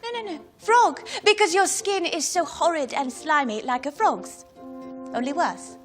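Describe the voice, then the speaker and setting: A woman's voice: high-pitched, animated, measured pace, soft background music. An actress playing a vain, cruel Tudor queen who mocks her courtiers. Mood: haughty. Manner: haughty, mocking.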